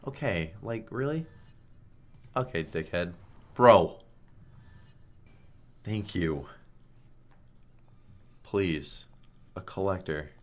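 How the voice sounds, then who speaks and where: A man streaming online slots, giving live commentary on each spin, swearing often and groaning or shouting at the results. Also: sits low, lively intonation, takes it slowly, pauses often.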